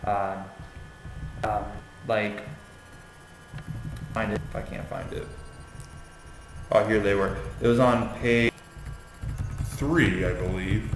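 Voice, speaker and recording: Hesitant young man in an echoey room. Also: on the low side. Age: young adult. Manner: hesitant, many fillers and restarts. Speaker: student giving peer feedback. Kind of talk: casual spoken critique of a paper. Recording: echoey room with faint ambient noise.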